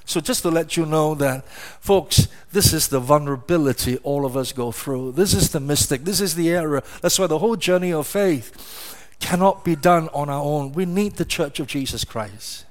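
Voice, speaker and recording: A middle-aged pastor preaches in a notably high voice. He leans on rhetorical questions and repeats words as he drives each point home. His delivery is emphatic and earnest. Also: moderate pace. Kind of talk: sermon.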